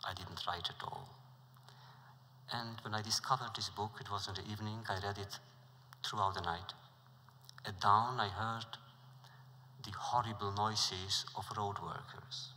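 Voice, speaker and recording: A middle-aged man giving a lecture, telling a story in a measured, deliberate way. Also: lowish voice, steady tone, pushed and bright. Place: lecture hall before an audience. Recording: reverberant lecture hall.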